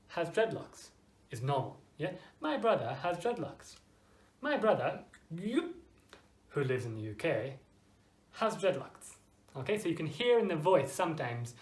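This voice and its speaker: Patient teacher in an echoey room. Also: mid-range voice. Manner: simple, slow English with exaggerated intonation for demonstration; frequent checking "okay?" with students. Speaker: English teacher. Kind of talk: online grammar lesson for Japanese learners.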